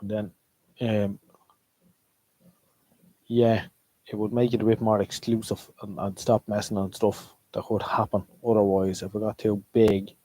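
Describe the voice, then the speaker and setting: A middle-aged Irish man with a mellow, warm voice, chatting to his viewers on a live stream. He rambles along and repeats himself, and the sound is close and dry. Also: lowish voice, level tone, unhurried, pauses often, dry recording. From Ireland. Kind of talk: casual live stream chat.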